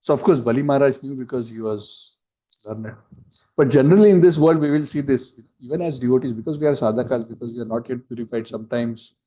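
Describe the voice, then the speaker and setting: Warm-voiced man teaching a scripture class. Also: medium pitch, fast. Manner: storytelling with acted quotes and asides. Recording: dull lo-fi recording.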